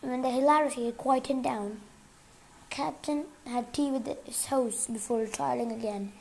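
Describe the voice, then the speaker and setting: A woman's voice: high voice, moderate pace, creaky, a little mellow, slight background noise. Woman reading a novel aloud. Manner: casual, restarts words. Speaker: reader.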